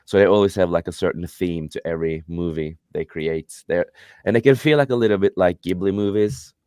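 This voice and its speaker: A young man talks casually on a livestream, rambling and restarting his sentences, filling gaps with "um" and "uh" and dropping the odd swear word. His voice sits very low and comes across smooth and clean. The sound is dry and close, with no room in it. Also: brisk, warm tone, no room sound. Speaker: livestream co-host. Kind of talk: casual chat.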